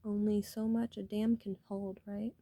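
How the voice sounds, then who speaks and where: A woman's voice: mid-range voice, flat delivery, measured pace, vocal fry, warm tone, no echo. A woman talking casually to her viewers in a rambling, earnest way, cursing freely as she shares spiritual thoughts. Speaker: vlogger.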